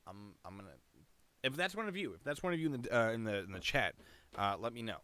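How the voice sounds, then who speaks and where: A man's voice: medium pitch, animated, fast talker, over music. A man chatting casually on a live stream, rambling and cutting himself off mid-thought. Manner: rambling, self-interrupting, chatty.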